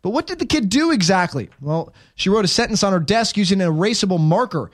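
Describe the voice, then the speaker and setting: A man hosts a casual comedy talk show. His voice sits high for a man, and he reads a news story with dry, wry asides. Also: big pitch swings, quick pace. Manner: wry, jokey delivery of a news bit. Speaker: host. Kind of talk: casual podcast chat.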